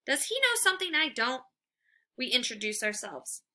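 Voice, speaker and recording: Expressive woman reading a children's book. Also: high voice, moderate pace. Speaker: read-aloud storyteller.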